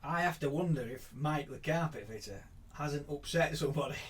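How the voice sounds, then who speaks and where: A man's voice: a little high, moderate pace, slightly rough. A man co-hosting a casual podcast, reading a news story aloud with giggles and dry asides. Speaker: podcast co-host.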